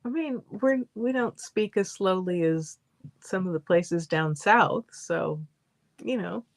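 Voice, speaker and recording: Unhurried woman chatting calmly. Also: fairly low pitch, no room sound. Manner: calm, measured, giggly. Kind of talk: casual chat.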